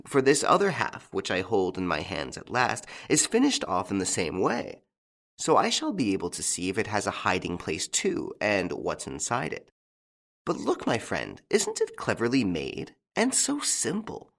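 A man reading as Lupin, a taunting gentleman thief. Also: normal speed, gravelly, full character voice. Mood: sly. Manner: teasing, taunting, lively swings in pitch. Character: mocking, playful gentleman thief, adult man. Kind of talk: audiobook character reading.

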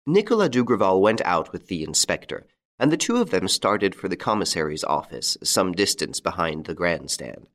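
Guy reading an old detective story, low voice, lots of ups and downs. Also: normal speed. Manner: expressive, dramatic. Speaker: audiobook reader. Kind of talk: scripted storybook narration.

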